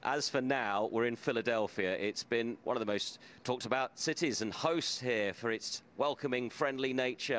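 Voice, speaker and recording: Measured man presenting sports news. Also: mid-range voice, a bit bright. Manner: measured, courteous. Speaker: radio presenter.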